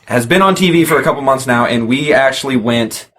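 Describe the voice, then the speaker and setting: A man's voice: medium pitch, brisk, a bit bright. Rambling young man chatting casually. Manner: rambling, restarts mid-sentence. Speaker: podcast co-host. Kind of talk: casual chat.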